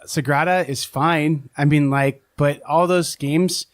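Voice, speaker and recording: A man's voice: on the high side, steady tone, slow. A man co-hosting a board game podcast in casual chat, rambling and hedging with a self-deprecating tone. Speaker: podcast co-host.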